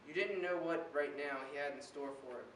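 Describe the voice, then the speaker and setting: Fairly high and fairly bright, the boy's voice moves briskly as he recites a spoken word poem with earnest rhythm. He's a teenage slam poet performing indoors, captured by a far-off mic that leaves the sound roomy and faintly hissy.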